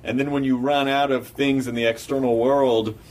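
A man's voice: medium pitch, little pitch movement, normal speed, a little mellow, recorded from a distance. A man in casual conversation, musing analytically.

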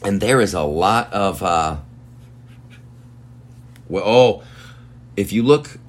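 A man's voice: lowish voice, lively intonation, takes it slowly. Heated, profane man ranting. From United States. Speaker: podcast host. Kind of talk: ranting podcast monologue.

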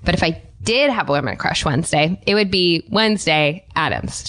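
A woman co-hosting a scripted comedy podcast, talking with a ditzy, wide-eyed deadpan delivery. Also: on the low side, moderate pace. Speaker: co-host.

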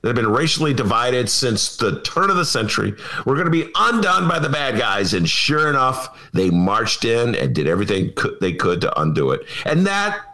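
Middle-aged host, sarcastic political commentary, animated bright delivery. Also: male voice, mid-range voice, moderate pace, hardly any pauses. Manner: animated, sarcastic, mocking impressions. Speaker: podcast host. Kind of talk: opinionated political talk.

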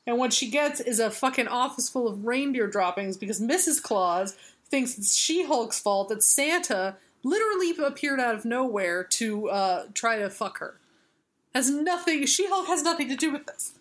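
A woman co-hosting a casual comic book podcast, animated and argumentative, swearing freely as she recaps a story. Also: fairly high pitch, moderate pace. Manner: animated, swears freely, argues her point. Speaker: podcast co-host.

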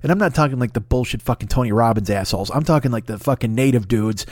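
A man rattles off a profane, rambling comedy monologue as a podcast host, his words tumbling out at a rapid clip. His pitch sits in an ordinary middle range. The recording is close and completely dry, with no room sound. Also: a little mellow, no echo. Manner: profane, rambling, jokey asides.

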